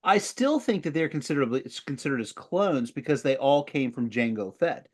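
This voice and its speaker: A male podcast co-host chatting casually, laid-back and quick to laugh. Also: medium pitch, expressive. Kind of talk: casual chat.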